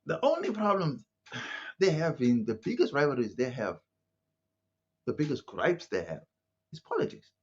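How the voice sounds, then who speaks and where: A man's voice: medium pitch, sing-song, normal speed, long pauses, husky. A man from South Africa giving a casual opinion monologue, thinking aloud with frequent asides like "right?" and "you know". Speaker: commentator. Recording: muffled lo-fi audio.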